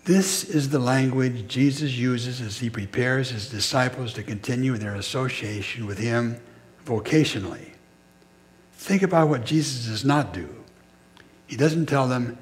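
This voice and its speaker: A man preaching a sermon in a measured, reflective way, pausing between short phrases. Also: mid-range voice.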